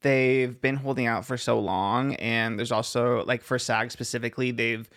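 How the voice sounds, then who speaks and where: A woman co-hosting a podcast in easygoing casual chat, agreeable and quick to laugh. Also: extremely low pitch, fairly even intonation. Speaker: podcast co-host.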